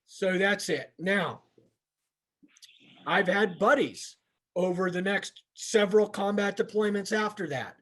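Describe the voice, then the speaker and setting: Middle-aged male instructor, earnest and plainspoken, slightly raised pitch, candid training-talk delivery. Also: measured pace, fairly bright tone. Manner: earnest, plainspoken, restarts often. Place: training session room.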